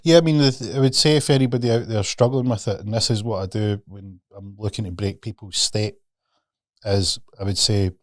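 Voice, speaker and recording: A man's voice: on the low side, no room sound, clean studio sound. A man, a podcast guest and mindset coach, talking casually and animatedly, swearing freely and acting out the voices of the people he quotes.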